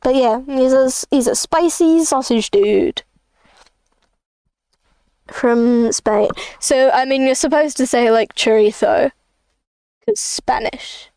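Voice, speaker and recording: Woman streamer, playful rambler, high-pitched, dry close recording. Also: takes it slowly, long pauses, dark tone, clean tone, dry recording. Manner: rambling, playful, jokey asides. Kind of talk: casual livestream chat while drawing.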